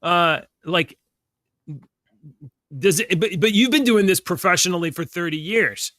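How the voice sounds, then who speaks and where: A man's voice: sits high, measured pace, fairly bright tone, no echo, clean studio sound. A man in his forties co-hosting a podcast, rambling and correcting himself as he talks, often laughing. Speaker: podcast co-host. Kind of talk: casual chat.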